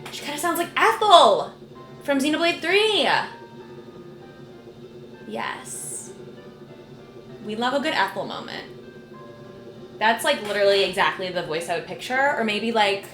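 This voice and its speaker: A woman streamer giving casual let's play commentary, chatty and gushing, with plenty of "like". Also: a little high. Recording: roomy, game music behind.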